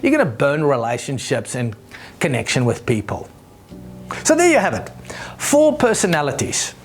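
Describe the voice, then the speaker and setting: A man teaching a sales lesson, animated, acting out the people he quotes and repeating words as he thinks aloud. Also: on the high side, normal speed, faint music behind. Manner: animated, acts out quoted people in raised voices. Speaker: sales trainer. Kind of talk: presenting a lesson.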